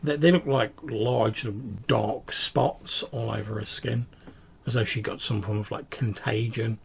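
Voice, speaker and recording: A man's voice: mid-range voice, steady tone, unhurried, vocal fry, a little hiss or hum. A man narrating a tabletop game as game master, describing scenes with frequent fillers. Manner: descriptive, with many fillers and restarts.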